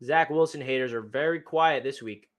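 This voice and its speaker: A young man excitedly breaking down game film as a fan analyst, talking in a slangy way full of exclamations. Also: medium pitch, normal speed.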